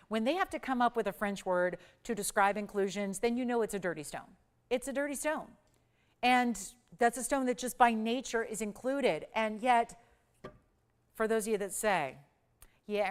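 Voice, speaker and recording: A woman's voice: medium pitch, clean tone. A woman in her forties hosting a live TV jewelry shopping show, gushing and chatty, often breaking off mid-sentence. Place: TV studio.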